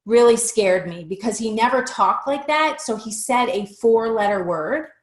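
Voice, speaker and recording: A woman's voice: on the high side, moderate pace. A woman in her fifties, an interview guest telling a personal story in conversation and acting out the dialogue. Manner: animated, acts out quoted dialogue. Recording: roomy echo.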